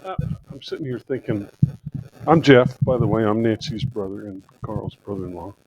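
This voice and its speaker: A man's voice: lowish voice, normal speed, a little mellow, highs cut off, a little hiss or hum. A man from the congregation telling a personal story animatedly, with restarts and asides. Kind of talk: personal story shared aloud.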